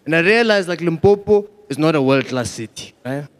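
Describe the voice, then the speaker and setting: A man's voice: on the high side, expressive, brisk. A man from South Africa with a South African accent, doing a casual stand-up comedy set, chatty and laughing at his own jokes.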